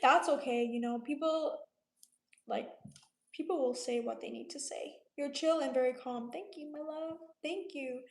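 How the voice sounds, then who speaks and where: Chatty high-voiced Romanian-born woman streamer. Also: normal speed, roomy sound. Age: 20s. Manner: laid-back, chatty, reads comments aloud and answers them. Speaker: livestream host. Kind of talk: casual livestream chat reading viewer comments.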